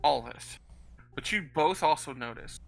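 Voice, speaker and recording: A man's voice: mid-range voice, expressive, unhurried, gravelly, poor audio. A man narrating as game master of a tabletop game, rambling through filler words.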